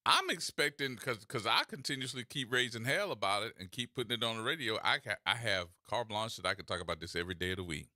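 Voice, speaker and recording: A man's voice: fairly low pitch, expressive, fast talker, few pauses, bright, forceful tone, no room sound, studio quality. A man hosting a radio talk show, delivering opinionated commentary full of sarcastic rhetorical questions.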